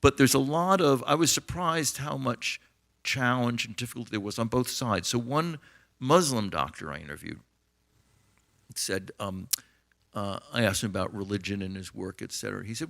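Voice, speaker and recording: A man's voice: mid-range voice, normal speed, vocal fry, a bit bright. A middle-aged American man, an author and physician, tells anecdotes with many fillers and retold dialogue in a conversational interview.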